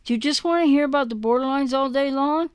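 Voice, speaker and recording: A woman's voice: high-pitched, quick pace, dry recording, studio quality. A woman coaching her listeners in an impassioned monologue, asking rhetorical questions and repeating words for emphasis. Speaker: relationship recovery coach. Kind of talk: impassioned direct-to-camera monologue.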